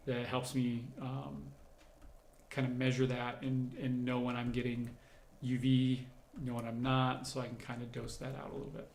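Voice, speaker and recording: In an echoey room, a male doctor with a mid-range, darkish voice hosts a livestream Q&A. He reads out viewer comments and answers them conversationally, explaining things and thinking aloud as he goes.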